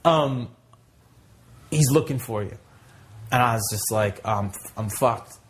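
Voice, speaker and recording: A man's voice: mid-range voice, takes it slowly, slight background noise. Rambling man telling a story. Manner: rambling, heavy filler, acts out quoted voices. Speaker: podcast co-host. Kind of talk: casual storytelling.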